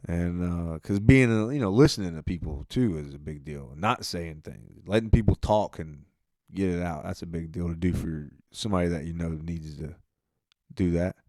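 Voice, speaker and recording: A man hosting a podcast, telling a rambling, profane story in a laid-back way, his voice often trailing off quietly at the end of phrases. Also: sits low, normal speed, dry recording, studio quality. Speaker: podcast host. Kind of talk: casual monologue.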